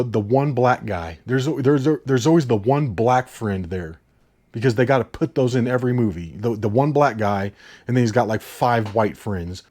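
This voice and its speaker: A man's voice: mid-range voice, a little mellow. A man ranting through a movie review, exasperated and full of profanity.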